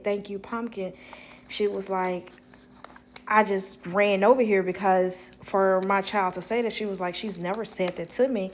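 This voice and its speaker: A woman telling a casual storytime, animated, quoting people in lively voices and laughing often. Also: medium pitch, slight background noise. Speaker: storyteller vlogger.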